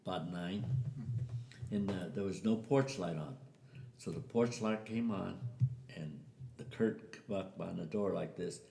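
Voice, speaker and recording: An older man with a very low, gravelly voice tells a family story in a relaxed, chatty way. He slips into the voices of the people he quotes. The recording carries a noticeable room echo. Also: unhurried. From US Southwest. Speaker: interviewee telling a family story. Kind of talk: casual storytelling. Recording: echoey room.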